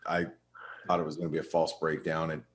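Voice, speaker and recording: A middle-aged man with a very low voice talks casually on a trading webinar. He rambles, doubles back on his words and fills the gaps with "um" and "you know". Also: monotone, fast. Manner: rambling, with frequent restarts and fillers. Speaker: webinar host and market analyst.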